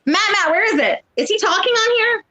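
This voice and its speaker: A woman co-hosting a casual show chat, talking in a chatty, animated way and acting out quoted lines when she retells a story. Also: very high voice, brisk, rough recording. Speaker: co-host.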